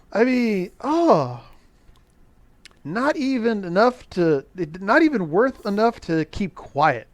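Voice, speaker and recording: Man, middle-aged, podcast host, sarcastic and sweary, higher voice, dry room. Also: slow, no room sound. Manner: animated, profane, sarcastic storytelling. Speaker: podcast co-host recapping a film. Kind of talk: casual chat.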